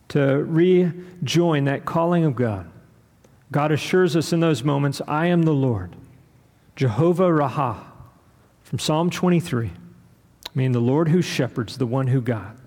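A man preaching a sermon, rhythmic and building to loud, emphatic peaks. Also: a little high, creaky. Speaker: pastor. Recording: long hall reverb.

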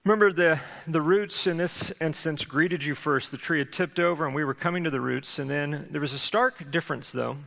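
A man's voice: on the high side, brisk, creaky, hardly any pauses, a bit bright. A middle-aged man delivering a sermon as a pastor, talking in a conversational way with dry, self-deprecating humor. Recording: long reverb of a church hall.

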